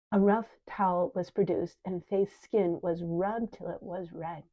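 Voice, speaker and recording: An older woman, an author narrating her own book in calm, even storytelling. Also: lowish voice, measured pace, few pauses. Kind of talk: audiobook narration. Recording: dull lo-fi recording.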